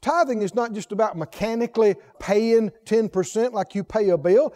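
Preaching at normal speed, a man poses rhetorical question after rhetorical question to his congregation with strong emphasis. His delivery moves from quiet, low asides to loud exhortation.

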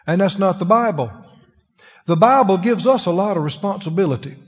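A pastor delivers a conversational sermon in a church sanctuary, putting questions to the congregation as he teaches. His voice is high-pitched and a bit breathy, with lively intonation and a fairly quick pace. The recording is dull and lo-fi, captured in a hall with long reverb.

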